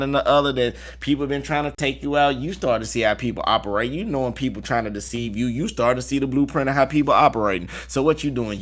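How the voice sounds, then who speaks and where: A man with a Southern US accent giving a casual tarot reading to his viewers and repeating affirmations in a chanting way. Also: medium pitch. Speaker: tarot reader.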